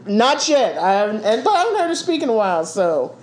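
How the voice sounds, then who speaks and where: A woman's voice: mid-range voice, big pitch swings, a little fast, a little mellow. A woman co-hosting a casual chat, playful and giggly, stretching out her words.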